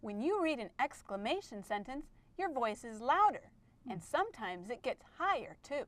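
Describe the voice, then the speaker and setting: A woman's voice: a little high, big pitch swings, moderate pace. A woman voicing a bubbly, eager exclamation-mark character in a children's educational puppet skit, talking cheerfully. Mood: excited. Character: bubbly excited exclamation-mark pal, a girl.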